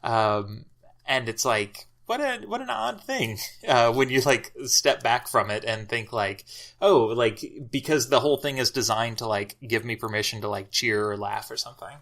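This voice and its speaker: Man, podcast guest, reflective, halting delivery, bright clear tone. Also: medium pitch, expressive. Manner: hesitant, lots of filler words, reflective. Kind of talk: casual discussion.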